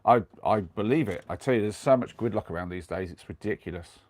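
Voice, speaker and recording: A man's voice: fairly low pitch, a little fast, no room sound. A young man with a cold, chatting casually on a live stream from inside his camper van, rambling along and reading out viewer comments. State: has a cold.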